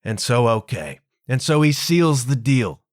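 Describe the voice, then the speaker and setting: A male podcast host with a mid-range voice tells a story with animated emphasis and slips into casual slang. The sound is dry and close, with no room around him. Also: mid-range voice, unhurried, dry recording. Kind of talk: casual solo monologue retelling a play.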